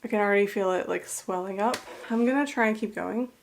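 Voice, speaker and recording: A young woman in her twenties talks through her reading vlog at home in a loose, blunt way, full of fillers and the odd curse. Her voice sits at a middle pitch. There is a faint hiss behind her. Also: fast, creaky. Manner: blunt, chatty, uses lots of fillers and swearing. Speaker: book vlogger. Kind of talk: casual vlog chat.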